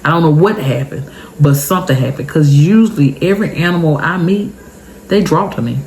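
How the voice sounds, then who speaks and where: A woman's voice: deep voice, a little fast. Heartfelt chatty woman vlogger, faint hiss. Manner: expressive, heartfelt, chatty, addresses viewers directly. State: tearful. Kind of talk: emotional storytime vlog.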